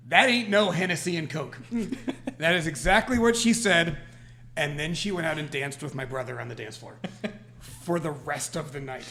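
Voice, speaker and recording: A man's voice: mid-range voice, slight background noise. A man co-hosting a podcast, telling a story in casual chat and laughing as he goes. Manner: animated, laughs through stories. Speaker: podcast co-host.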